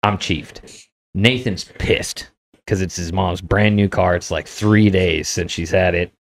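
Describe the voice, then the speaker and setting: Deep-voiced man telling profane stories. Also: slow pace, gravelly. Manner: profane, laid-back anecdote telling. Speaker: podcast host. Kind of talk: casual storytelling.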